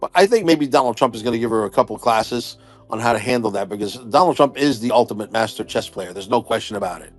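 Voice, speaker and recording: A man hosting a podcast in casual chat, loud and profane, boastful and rambling with many fillers. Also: medium pitch, expressive, fast, faint music behind. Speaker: podcast host.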